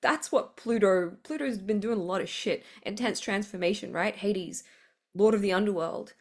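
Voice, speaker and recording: A woman's voice: mid-range voice, normal speed. A woman hosting a spiritual podcast, talking passionately in a monologue, swearing freely and laughing often. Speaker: podcast host.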